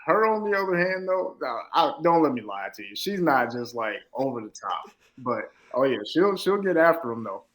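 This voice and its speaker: A man in his thirties, a football coach, talking easily and calmly as a podcast guest. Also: mid-range voice, normal speed, rough recording. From Los Angeles. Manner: laid-back, easygoing, some stammering restarts. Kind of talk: casual interview chat.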